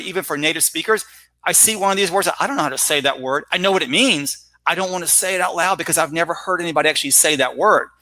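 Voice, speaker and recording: A man's voice: on the high side, sharp tone, no room sound. A middle-aged man giving a conference talk on teaching vocabulary, explaining with energy and checking in with his listeners with "right?" and "all right?". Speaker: ESL teacher presenting at a conference.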